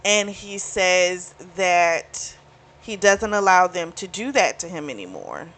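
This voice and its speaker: A woman's voice: fairly low pitch, very animated, slow, a bit bright. A woman casually recapping and reviewing a romance novel, chatty and frank, swearing freely. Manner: chatty and frank, swears freely, laughs at her own asides. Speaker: book reviewer. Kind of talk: casual book review chat.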